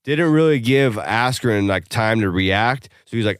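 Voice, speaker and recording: A podcast co-host talking in a relaxed, rambling way, cursing freely and leaning on fillers as he tells a story. His voice sits a bit low and comes through smooth and clear. The recording is dry and close, with no room sound. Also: a little slow, few pauses, dry recording. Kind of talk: casual chat.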